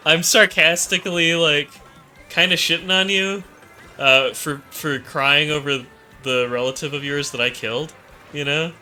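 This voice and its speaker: Bright-voiced rambling man. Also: fairly high pitch. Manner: rambling, absurd hypotheticals, laughs often. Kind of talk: casual comedic chat.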